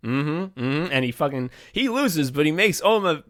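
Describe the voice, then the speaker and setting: A man co-hosting a podcast in casual chat, excitable and swearing often. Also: a little high, moderate pace. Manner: excited, profane, acts out characters in quotes. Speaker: podcast co-host.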